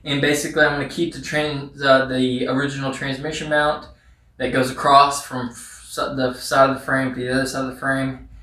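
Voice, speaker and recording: A man's voice: medium pitch, level tone, a little fast, bright, forceful tone, reverberant, far from the mic. A man casually talking through a truck repair, rambling with lots of fillers and restarts. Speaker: YouTuber restoring a truck. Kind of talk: casual workshop how-to vlog.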